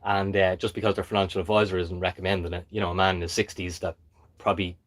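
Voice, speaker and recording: Blunt man, low voice. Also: level tone, quick pace. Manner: blunt, emphatic, keeps checking in with "okay?". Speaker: crypto channel host. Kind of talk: live-stream monologue.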